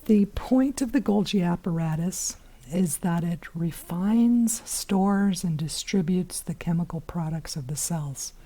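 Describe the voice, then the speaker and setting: Hoarse woman teaching in a low, mellow voice. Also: expressive, a little slow. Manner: chatty, lots of "um" and "like", drops into whispery asides. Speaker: biology teacher. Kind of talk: casual recorded lesson.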